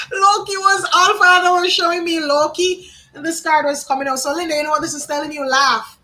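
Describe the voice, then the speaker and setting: A woman's voice: extremely high pitch, fairly even intonation, moderate pace, sharp tone. A woman from Jamaica, giving a live psychic card reading and musing aloud, often repeating names and phrases. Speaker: tarot card reader.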